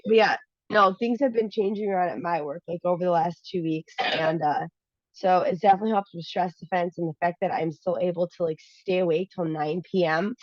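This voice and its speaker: A woman's voice: fairly low pitch, fairly even intonation, fairly quick, no echo, dull audio. A woman on a casual group video call from home, chatty and rambling with lots of fillers. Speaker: call participant. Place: home with children nearby.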